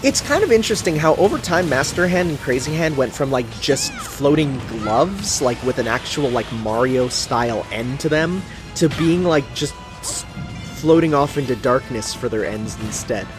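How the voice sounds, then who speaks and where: A man's voice: mid-range voice, lively intonation, normal speed. Guy chatting about game trivia, rambles a lot, mid voice, faint music in the back. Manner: rambling trivia, many fillers like "like". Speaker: co-commentator. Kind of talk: casual gameplay commentary.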